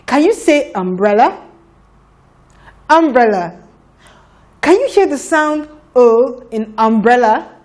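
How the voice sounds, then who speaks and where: Slow, patient woman teaching phonics. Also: on the high side, animated, darkish tone. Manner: patient, encouraging, sounds out letters. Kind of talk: slow children's phonics lesson.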